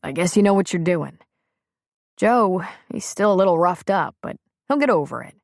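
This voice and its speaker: A woman voicing a frank, plain-spoken man on the phone in an audiobook, gently persuasive. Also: lowish voice, animated, moderate pace, dry recording, studio quality. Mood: earnest. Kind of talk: audiobook character reading.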